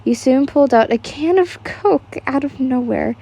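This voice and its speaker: A woman's voice: high-pitched, lively intonation, normal speed, dark tone, husky. A young woman casually reading fan fiction aloud, stumbling over words and laughing at the text.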